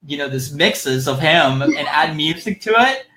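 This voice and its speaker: Bright-voiced man chatting casually, swearing freely. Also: a little high, animated, normal speed, poor audio. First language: not English. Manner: loose and laughing, swears freely. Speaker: podcast co-host. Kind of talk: casual chat.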